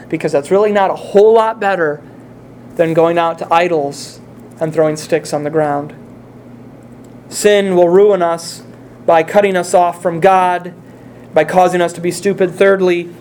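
A man's voice: high voice, darkish tone, slight background noise. A male pastor preaching a sermon, speaking earnestly and putting direct questions to his congregation.

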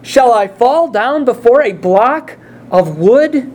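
A man's voice: extremely high pitch, expressive, slow pace, darkish tone. A male pastor preaching a sermon, speaking earnestly and putting direct questions to his congregation.

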